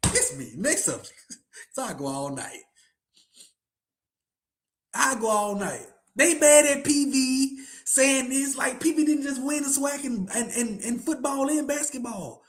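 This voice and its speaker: Animated high-voiced man ranting. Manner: animated, ranting, slangy, repeats himself. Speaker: podcast host. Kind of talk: casual sports podcast rant.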